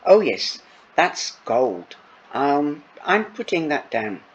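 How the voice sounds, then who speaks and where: Man playing a bubbly giggling teenage girl, raised voice, slow, dull lo-fi audiobook recording with faint hiss. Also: on the high side, sing-song, slightly rough, heavily acted. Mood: delighted. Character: giggly teenage girl, Fiona, joking with friend.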